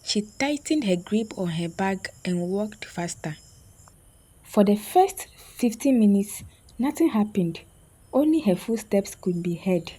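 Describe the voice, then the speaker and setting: A woman narrating a scripted story in a slow, suspenseful way with dramatic pauses. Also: mid-range voice, expressive, warm tone, slightly rough, low-quality recording.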